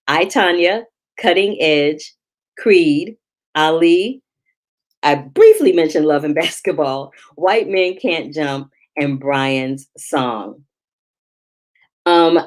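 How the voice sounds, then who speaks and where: Chatty woman critic with a low voice, animated host of a movie review show. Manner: chatty and animated, quick asides and laughter. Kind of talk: casual movie review vlog.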